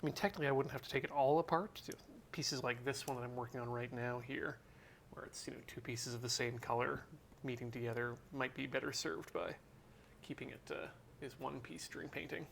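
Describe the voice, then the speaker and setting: A man's voice: mid-range voice, steady tone, brisk, gravelly, fairly bright tone, slight background noise. A man co-hosting a hobby stream, chatting casually and explaining his model build as he works. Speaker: stream co-host. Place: streaming studio.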